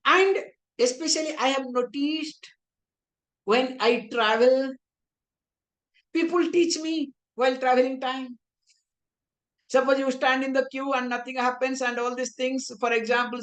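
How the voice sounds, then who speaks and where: A woman's voice: high voice, steady tone, normal speed, a bit bright. A woman with an Indian English accent teaching a spiritual philosophy class in a conversational tone, often asking her listeners whether they understand. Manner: conversational, rhetorical checks for understanding. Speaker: Vedanta teacher.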